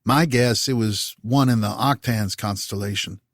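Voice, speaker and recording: A man voicing a friendly, laid-back man with a smooth Californian accent and a slight Louisiana lilt, reassuring and easygoing. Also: lowish voice, moderate pace, no room sound, studio quality, lightly acted. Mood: explaining. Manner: soothing, reassuring. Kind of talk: audiobook character voice.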